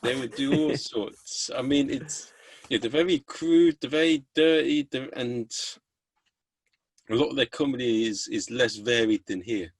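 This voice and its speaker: A man's voice: medium pitch, unhurried, no room sound. A man with an English accent hosting a comedy podcast, chatting casually and sharing blunt opinions. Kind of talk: casual podcast chat over a video call.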